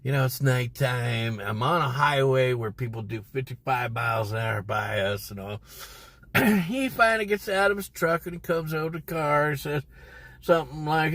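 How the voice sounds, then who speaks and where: A man's voice: fairly high pitch, moderate pace, a bit bright, dry recording. Profane man ranting from his car. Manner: profane, rambling and irritated, heavy swearing. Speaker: livestream host. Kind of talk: casual livestream storytelling. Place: inside a parked car.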